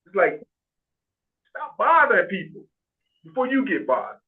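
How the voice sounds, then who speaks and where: A man's voice: high-pitched, sing-song, moderate pace. A man talking bluntly and swearing freely in a casual group video call. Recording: tinny phone-like video call audio.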